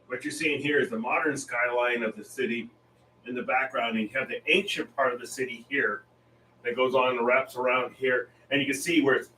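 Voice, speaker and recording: A man's voice: medium pitch, steady tone, a little fast, bright, forceful tone, recorded from a distance, slight background noise. A man hosting a painting stream, chatting casually in a rambling, easygoing way and laughing often. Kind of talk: casual chat while painting. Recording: roomy sound, off-mic.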